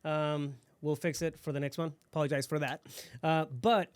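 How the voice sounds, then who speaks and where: A man with a somewhat higher voice hosts a motivational podcast. His talk is casual and upbeat, and the sound is close and dry with no room echo. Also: little pitch movement, moderate pace. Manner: upbeat, motivational sign-offs. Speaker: podcast host.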